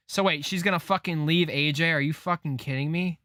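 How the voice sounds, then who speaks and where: A man reading a comic aloud on a live stream, reacting with disbelief and frequent swearing as he thinks out loud. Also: fairly high pitch, a little fast, few pauses, no echo, clean studio sound.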